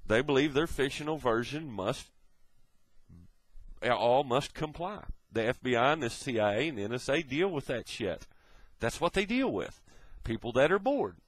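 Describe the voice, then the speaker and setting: A man's voice: medium pitch, slightly rough, dry recording, rough recording. A man delivering a blunt, profane ranting monologue, lecturing in a swearing tone. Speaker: video blogger.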